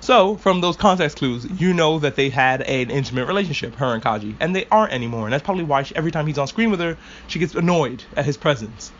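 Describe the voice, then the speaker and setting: A man with a slightly raised pitch talks through anime episodes on his podcast, rambling and cursing as an eager fan. The recording is a little muffled, with a faint hiss underneath. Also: lively intonation, quick pace. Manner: rambling, profane, enthusiastic fan. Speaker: podcast host. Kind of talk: casual anime discussion.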